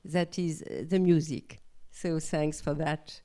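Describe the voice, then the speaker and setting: A woman with a French accent politely asking a question from the audience, halting and searching for words. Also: sits low, fairly even intonation, mellow. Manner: halting and polite, with long pauses.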